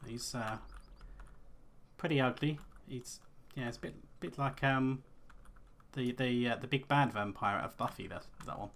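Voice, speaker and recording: A man's voice: medium pitch, normal speed, a bit bright. Male let's play host, casual rambling commentary with wry asides. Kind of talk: gameplay commentary.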